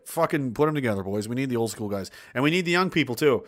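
A man hosting a casual livestream, reading viewer messages aloud and ranting, loud at times and mumbling at others. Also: mid-range voice, huge pitch swings, fast.

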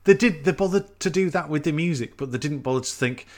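A man's voice: fairly high pitch, quick pace, darkish tone. Amused, incredulous man chatting. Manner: incredulous, amused, mocks the film. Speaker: podcast co-host. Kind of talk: casual chat about a film.

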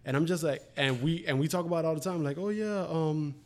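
A man's voice: on the high side, rapid-fire. A man in his twenties chatting casually, telling profane stories and acting out the quotes. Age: 20s. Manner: profane, animated storytelling with acted-out quotes. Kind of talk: casual chat.

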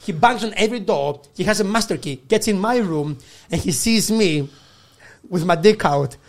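A man with a fairly high voice tells a rowdy anecdote on a comedy podcast. He acts out each person in the story, swears freely and keeps breaking into laughter. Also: expressive, moderate pace. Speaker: guest comedian. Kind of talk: casual storytelling.

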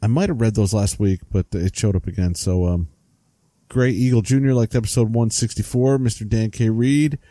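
A man co-hosting a casual podcast, reading out listener names in a relaxed, chatty way. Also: on the low side, normal speed, no echo. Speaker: podcast co-host. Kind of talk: casual chat.

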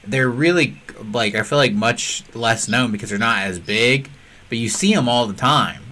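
A young male podcast host with a bright, sharp-edged voice. He talks in a chatty, casual way and quickly jumps in with comments. His pitch stays in the middle range.

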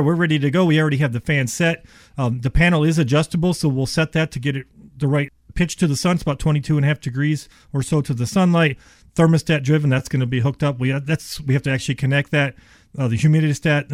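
Man, rapid radio sales talk, dry studio sound, a bit high-pitched. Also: darkish tone, dry recording. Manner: fast, enthusiastic sales pitch with restarts. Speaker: HVAC company owner and radio guest.

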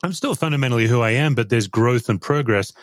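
Man in his fifties, host, reflective, halting, dry close sound. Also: mid-range voice, dry recording. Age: 50s. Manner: reflective, halting with repeated restarts. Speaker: podcast host. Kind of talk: conversational interview.

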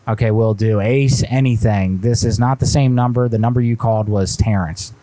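A man's voice: fairly low pitch, normal speed, dark tone. A man hosting a live prank call show, chatting offhand while reading the chat. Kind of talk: casual live-stream chat.

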